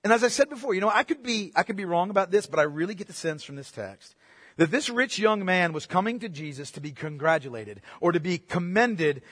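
High-voiced guy preaching, gets loud then drops to a hush, big hall echo. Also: fairly quick, husky. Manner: animated preaching, swinging between loud emphasis and hushed asides. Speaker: pastor. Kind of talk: sermon.

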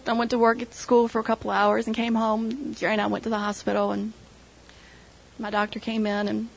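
A woman's voice: a little high, gravelly, fairly bright tone, a little hiss or hum, poor audio. A middle-aged woman sharing an emotional personal testimony with her church group, retelling conversations as she goes. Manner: emotional storytelling, quoting others.

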